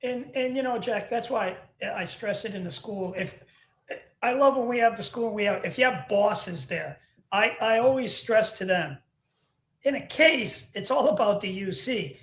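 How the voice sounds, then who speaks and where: A man hosting a podcast and telling animated stories about his undercover work. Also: high voice, moderate pace. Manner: animated storyteller. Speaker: podcast host, former undercover agent. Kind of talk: podcast conversation. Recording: echoey room.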